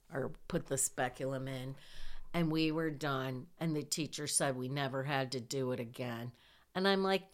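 A middle-aged woman recounts a story from her school days in an unhurried, easy way. Her voice is smooth and clear and sits a little low, and she laughs often while acting out what she said back then. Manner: animated, laughs while telling, acts out her own quotes. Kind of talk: casual personal storytelling.

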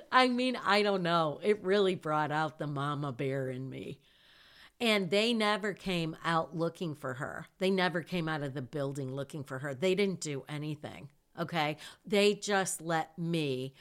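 A woman's voice: low voice, a bit bright. A woman telling a personal story about her daughter in casual speech, emphatic, with vivid asides.

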